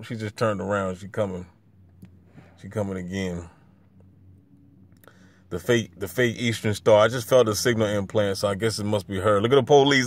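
A man vlogging from a street with a handheld camera, giving slangy running commentary that swings from low mutters to loud jeers. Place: outdoors by a street.

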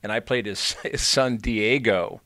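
A man's voice: lowish voice, a little slow, bright, forceful tone, no room sound. A man from Illinois, an actor being interviewed, telling long anecdotes with many fillers and restarts. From Illinois, USA. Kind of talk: casual storytelling in an interview.

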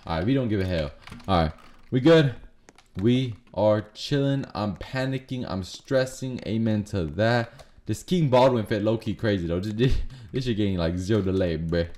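A man giving live gameplay commentary, trash-talking and swearing, swinging between low muttering and sudden shouts. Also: moderate pace. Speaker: gaming YouTuber. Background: faint keyboard clicks and typing.

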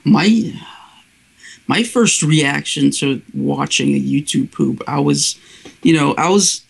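A young man with a gravelly, rather high voice talks casually as a guest. He stumbles through restarts and breaks into laughter often. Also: expressive, slow pace. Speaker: interview guest, video maker. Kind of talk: casual chat.

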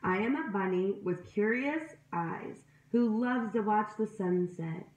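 A woman's voice: medium pitch, lively intonation, slow, a little mellow, recorded from a distance. A woman voicing a shy, wistful little bunny thinking to himself in a read-aloud picture book. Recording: roomy echo.

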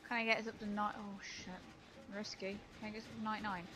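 A woman's voice: mid-range voice, little pitch movement, fast. A woman streaming a video game who talks to herself as she plays, swearing often and sounding frantic and frustrated. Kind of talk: live gameplay commentary. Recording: clear background noise.

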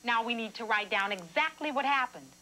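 A woman acting as a brisk, practical office boss in an educational TV sketch, speaking in a calm, reassuring, businesslike way. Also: on the high side, a little hiss or hum, rough recording.

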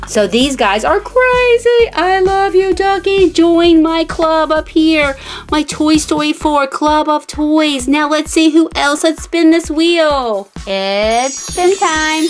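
A woman hosting a toy unboxing channel, talking excitedly to children, gasping and calling the viewers guys. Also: high voice, takes it slowly, over music.

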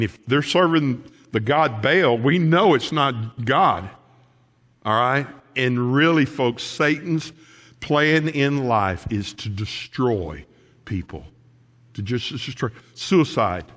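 A male pastor preaching a sermon in a church, animated and folksy, with frequent asides to the congregation. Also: medium pitch, in a large hall. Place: church sanctuary.

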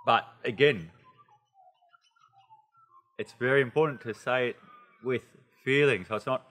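A man with an Australian accent talks through a casual language lesson. His voice is bright and his delivery is chatty and animated, full of playful asides. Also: medium pitch, unhurried, pauses often, long reverb tail. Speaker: English teacher.

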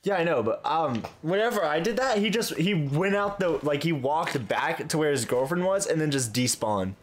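Lively man swearing through a game. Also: a little high, normal speed. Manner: profane, bossy, laughing. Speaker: let's play gamer. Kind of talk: casual gaming commentary.

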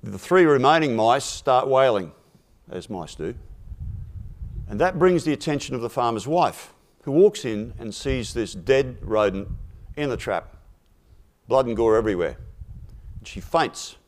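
A man speaking at a forum, telling a simple fable in a measured, deliberate way and dropping his voice for punchlines. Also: medium pitch, lively intonation. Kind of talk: storytelling a fable in a talk.

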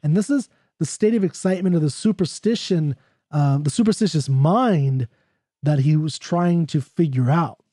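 Excitable man lecturing on poetry. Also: a little high, normal speed, husky, no room sound, clean studio sound. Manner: excitable, talky, reads quotes aloud. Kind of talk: off-the-cuff lecture.

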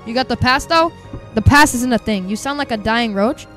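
A man with a high, youthful-sounding voice, chattering casually to his viewers during a live game stream and bursting into loud excited outbursts. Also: normal speed, faint music behind. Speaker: game livestreamer.

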